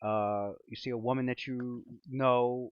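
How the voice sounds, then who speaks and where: Slow, halting male game master. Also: mid-range voice, fairly even intonation, clear, resonant tone, dry recording, lo-fi sound. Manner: halting, with many fillers. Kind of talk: narrating a tabletop game.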